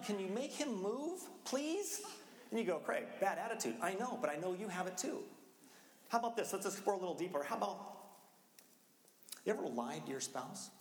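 A middle-aged man preaching a sermon in a casual, conversational way, acting out his own frantic moments as a parent. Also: high voice. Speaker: pastor. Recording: echoey hall, long reverb.

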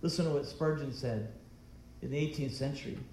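A man's voice: medium pitch, a little fast, a little mellow, echoey room, a little hiss or hum. A man preaching a sermon as pastor, emphatic and full of rhetorical questions.

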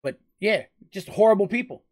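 A man's voice: high-pitched, expressive, normal speed, voice pushed up. A man doing a stammering nervous innkeeper. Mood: frustrated. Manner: stammering, anxious, pleading. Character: nervous male village innkeeper.

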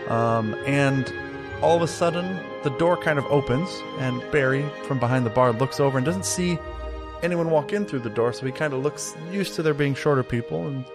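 A man narrating a tabletop game as game master, in a casual, loose way with many fillers. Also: medium pitch. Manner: casual, hesitant with fillers like kind of.

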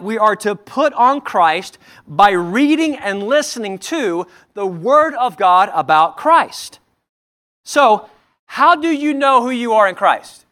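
A man's voice: high voice, a bit bright. A pastor preaching a sermon, earnest, asking his listeners many questions and often repeating and restarting phrases. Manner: earnest, asks the congregation many rhetorical questions.

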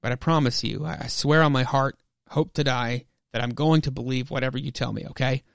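A man voicing a calm, steady adult woman who hunts monsters, speaking in a low-key, reassuring way. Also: a little fast, gravelly, dry recording, clean studio sound, lightly acted.

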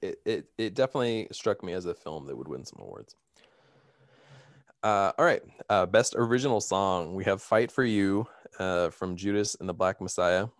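A man's voice: sits low, lively intonation, moderate pace, no echo, studio quality. A man hosting a casual podcast chat, reading out award nominees and laughing often. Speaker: podcast host.

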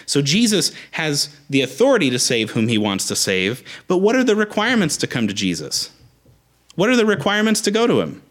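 A young adult man preaching a sermon as a pastor, emphatic and animated, repeating rallying phrases. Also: on the high side, brisk.

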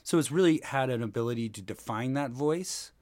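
A man's voice: mid-range voice, brisk, a little mellow. A man chatting casually as a podcast guest, rambling and circling back often as he talks. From Seattle area, USA. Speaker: podcast guest, improv performer.

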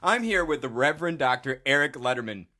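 A man's voice: medium pitch, expressive, a little fast, sharp tone, faint music behind. Rambling, self-mocking podcast host man. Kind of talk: casual podcast chat.

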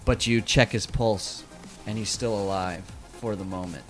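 A man's voice: fairly low pitch, fairly even intonation, moderate pace, faint music behind. A man narrating a tabletop game as game master, vivid and playful, laughing between beats.

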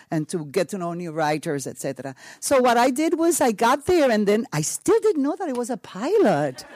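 A woman's voice: on the high side, dry recording. A woman with a Puerto Rican accent telling a story on a panel, acting out what people said, laughing often and slipping in Spanish. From Puerto Rico. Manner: animated storyteller, acts out quotes, laughs often, Spanish asides. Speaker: actress on a panel. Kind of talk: panel talk, telling an anecdote.

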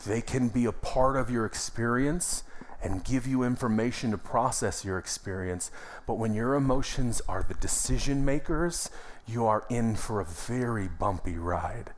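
A man's voice: medium pitch, moderate pace, slight background noise. A young adult man, a pastor, preaching a sermon in a church in a conversational, emphatic way with calls of amen. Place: church sanctuary.

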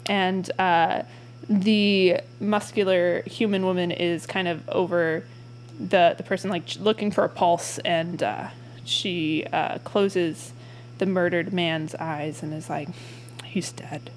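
A woman's voice: fairly low pitch, steady tone. Young woman gm, super casual, lots of ums, faint hum behind. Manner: casual, halting, many fillers. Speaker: game master. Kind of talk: narrating a tabletop game.

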